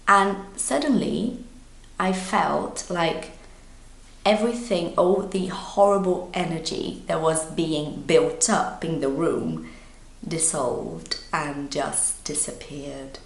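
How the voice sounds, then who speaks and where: A woman from Brazil tells a story for English learners in a lively, expressive voice that sits slightly low. Her voice carries a noticeable room echo. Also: slow, creaky. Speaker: English teacher. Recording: echoey room.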